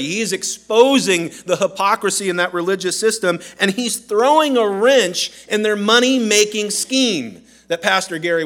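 Bright-voiced, high-pitched male pastor preaching. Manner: earnest, emphatic preaching, acts out quoted voices. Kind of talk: sermon. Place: church.

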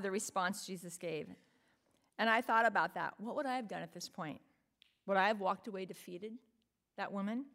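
A woman's voice: mid-range voice, normal speed, a bit bright. A woman preaching a sermon in an earnest, emphatic way, often asking the listeners rhetorical questions.

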